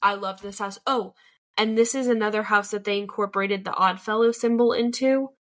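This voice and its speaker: A woman's voice: medium pitch, steady tone, fairly quick. A young woman in a mid-range voice chats eagerly on a podcast, sprinkling her speech with likes. She sounds friendly and conversational. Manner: eager, chatty, fond of "like". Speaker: podcast co-host. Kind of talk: casual chat.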